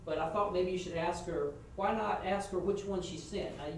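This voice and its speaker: A man's voice: sits high, moderate pace, a little hiss or hum. A middle-aged man, frankly critiquing students after a mock trial. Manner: frank, folksy, acts out example questions. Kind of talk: spoken feedback to students. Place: classroom. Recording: echoey classroom from far off.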